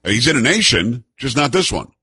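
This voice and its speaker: A man's voice: mid-range voice, big pitch swings, a little fast, sharp tone, husky. A man hosting a talk radio show, speaking in a rambling, folksy monologue with frequent restarts.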